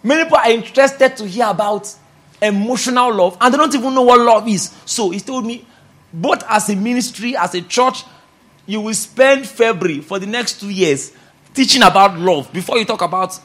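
Emphatic high-voiced pastor preaching. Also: male voice, expressive, normal speed. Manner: emphatic, repeats key phrases, rises loud for scripture readings. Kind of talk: sermon.

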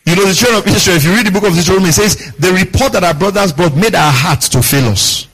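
A husky, slightly bright male voice talks fast on a low-quality recording. He's a pastor preaching a sermon, putting questions to his congregation, repeating key lines, and acting out the people in his stories with big jumps in pitch for their quoted voices.

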